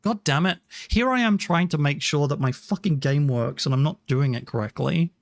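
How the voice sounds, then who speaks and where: A man's voice: on the high side, moderate pace, vocal fry, few pauses, no echo. A man streaming as a game developer, chatting casually, laughing often, swearing and poking fun at himself. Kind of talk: casual live-stream chat.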